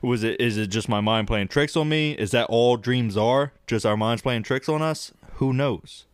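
Man, podcast co-host, casual chat, rambling, swears a lot, mid-pitched, dry close sound. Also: moderate pace, clean tone, no echo. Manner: rambling, profane, animated storytelling.

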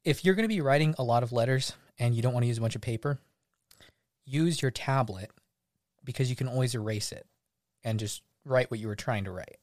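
A man's voice: medium pitch, a little fast, a little mellow, no room sound. Man, podcast co-host, casual chat, playful, laughs a lot, dry sound. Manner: playful, laughs often, acts out silly voices in his anecdotes.

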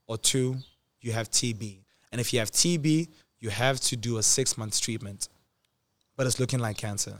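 A man's voice: mid-range voice, dry recording. A man, telling a personal story in a casual, slangy way and laughing between lines. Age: 20s.

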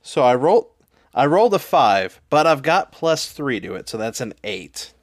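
A man's voice: mid-range voice, sing-song, moderate pace, dry recording, studio quality. A man playing a tabletop game, joking wryly about his bad dice rolls. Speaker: player. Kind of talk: casual tabletop play.

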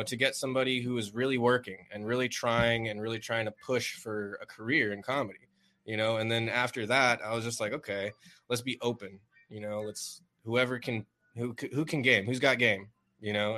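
A man's voice: mid-range voice, steady tone, a little fast, bright, forceful tone. A man co-hosting a casual podcast chat about booking comedy shows, rambling with lots of filler words and frequent laughter. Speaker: comedy show producer and co-host.

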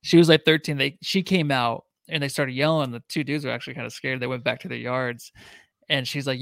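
A man's voice: medium pitch, steady tone, fairly quick, gravelly, a bit bright, no room sound. A man co-hosting a podcast, telling a childhood story with laid-back, joking asides. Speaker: podcast co-host. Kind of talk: casual chat.

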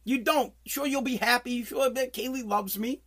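A man's voice: very high voice, fairly even intonation, normal speed. Profane, blustery New man in his forties. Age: 40s. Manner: profane, blunt, loud bursts when riled. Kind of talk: casual rant.

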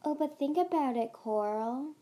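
Sly desert dragon queen, voiced by a woman; slow and silky, higher pitch. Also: animated, warm tone.

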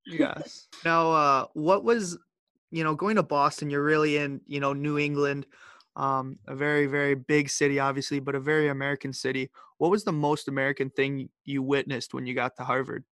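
A jokey co-host tosses quick asides and questions into a relaxed chat. The voice is dry and close, with no room sound. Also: medium pitch, clear, resonant tone, no room sound. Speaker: podcast co-host. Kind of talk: casual interview chat.

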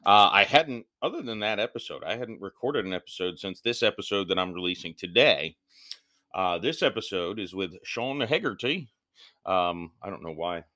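A man's voice: low-pitched, moderate pace, pushed and bright. A man hosting a podcast, talking through a casual solo intro in a rambling, loose and self-deprecating way. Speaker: podcast host.

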